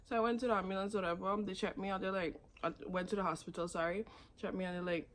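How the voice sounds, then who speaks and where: A young vlogger from Saint Martin casually tells her own story to the camera, speaking quickly in a steady tone with slight background noise. She's chatty and acts out what other people said, her voice jumping suddenly high for their lines.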